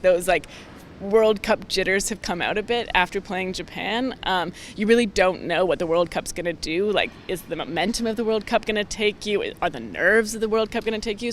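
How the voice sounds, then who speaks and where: A woman's voice: mid-range voice, slight background noise. A young woman, a rugby player chatting casually in an interview, upbeat and full of "like" fillers. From Canada.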